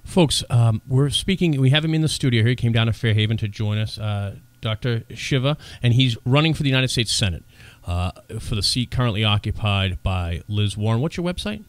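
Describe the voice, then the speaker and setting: Talk radio host, man, quick and animated, bantering and self-deprecating, dry studio sound. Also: mid-range voice, no room sound. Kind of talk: radio interview.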